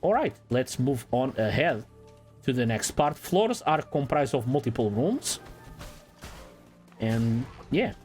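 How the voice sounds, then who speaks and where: A man giving casual let's-play commentary in a relaxed, playful way, swearing now and then. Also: mid-range voice, slow pace, long pauses, faint music behind. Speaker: gaming channel host.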